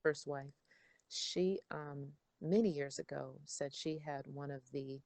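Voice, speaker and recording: A middle-aged woman as an interview guest, chatting casually and telling animated stories. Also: sits low, slow, gravelly, dry recording. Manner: animated storyteller, acts out her father's voice. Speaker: interview guest, daughter of a songwriter.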